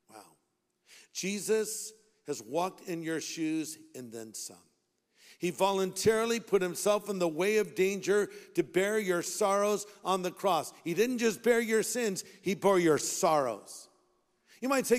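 Brief: fervent male pastor, fairly high voice, long hall reverb. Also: lively intonation, measured pace. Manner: impassioned, rhetorical questions, shifts from loud to hushed. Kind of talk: sermon.

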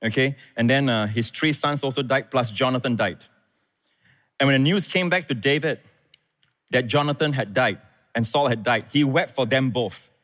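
Man preaching in an echoey hall. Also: moderate pace. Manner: animated, rises high and loud when quoting scripture. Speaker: pastor. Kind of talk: sermon. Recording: echoey hall with long reverb.

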